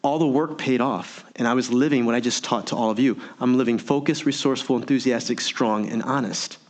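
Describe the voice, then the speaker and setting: Energetic man giving a motivational talk. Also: mid-range voice, fairly quick. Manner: energetic, preacher-like, rhetorical questions. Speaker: motivational speaker. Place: virtual meeting event.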